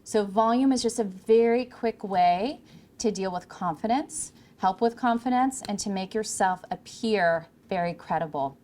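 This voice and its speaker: A woman's voice: mid-range voice, a little slow, a little mellow. Brief: woman speaker at a podium, projected and emphatic, coaching tone. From California. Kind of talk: presentation to interns. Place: event room with audience. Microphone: handheld or podium microphone.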